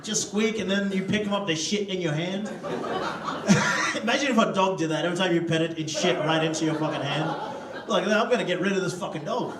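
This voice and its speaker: A stand-up comedian from Africa, loose and profane, chatting with the crowd in a comedy club. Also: male voice, high voice, steady tone, moderate pace. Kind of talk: stand-up routine. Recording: roomy hall, distant mic, crowd laughter. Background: audience laughter.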